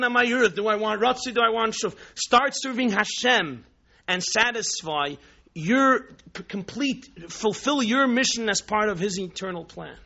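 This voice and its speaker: A man's voice: high voice, creaky, pushed and bright, dull audio. A man, a Jewish religious teacher, giving a sermon with a story, impassioned and full of rhetorical questions.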